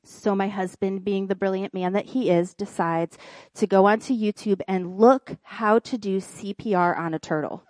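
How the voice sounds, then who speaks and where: A woman, a pastor's wife, preaching in church and telling a funny personal story in an animated way. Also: medium pitch, normal speed, no echo. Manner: animated storytelling, acts out quoted voices. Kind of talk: sermon with a humorous personal story.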